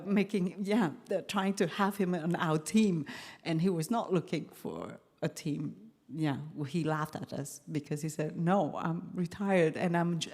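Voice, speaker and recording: Halting woman in a reverberant hall. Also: on the low side. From Vietnam. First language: French. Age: 50s. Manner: halting, many restarts and fillers, animated quotes. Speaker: guest lecturer. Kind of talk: university lecture, storytelling.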